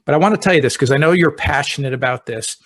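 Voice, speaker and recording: A middle-aged man, a deputy fire chief, hosting a podcast and telling a personal story in a relaxed, conversational way. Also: fairly high pitch, quick pace. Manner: relaxed, talks through anecdotes step by step.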